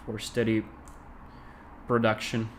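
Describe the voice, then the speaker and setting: A man with a Russian accent, a game developer thinking aloud with many pauses and fillers as he plays on a casual livestream. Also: fairly low pitch, completely flat delivery, slight background noise. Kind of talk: casual livestream gameplay commentary.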